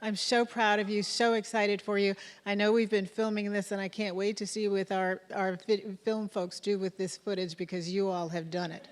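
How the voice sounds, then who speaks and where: A woman's voice: mid-range voice, little pitch movement, moderate pace, hardly any pauses. A woman college president giving closing remarks at a graduation ceremony, effusive and emotional as she addresses a large crowd from a podium microphone. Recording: long hall reverb.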